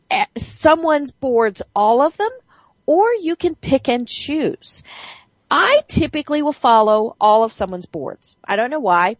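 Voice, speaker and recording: A woman's voice: fairly high pitch, no room sound. A woman hosting a radio talk show, chatting with enthusiasm and stressing words. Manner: enthusiastic, emphatic, lively. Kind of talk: casual radio chat.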